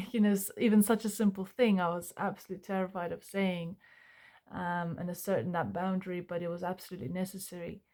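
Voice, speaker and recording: A young woman, talking earnestly and haltingly to camera about healing, with many fillers and restarts. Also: fairly low pitch, a little mellow. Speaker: self-help vlogger. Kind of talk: reflective personal talk to camera.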